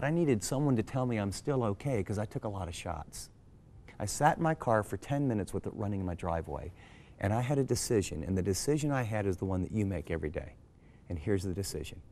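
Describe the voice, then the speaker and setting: A middle-aged man, a pastor, telling a personal story in a sermon and acting out his family's voices with big jumps in pitch. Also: dark tone. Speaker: pastor and Bible teacher.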